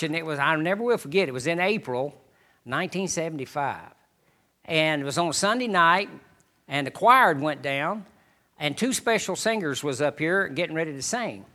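Man, missionary preacher, folksy testimony, high voice, sharp and bright tone. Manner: folksy storytelling, halting restarts. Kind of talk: personal testimony to a congregation.

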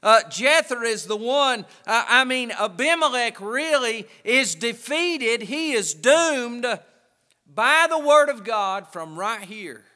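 A man preaching a sermon with emphatic delivery, pausing and restarting often. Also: extremely high pitch, lively intonation, pushed and bright, big-room sound.

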